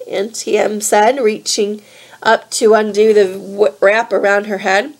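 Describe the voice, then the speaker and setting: A woman reading a novel aloud in a steady, clear storybook manner. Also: medium pitch, a little slow. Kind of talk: read-aloud narration.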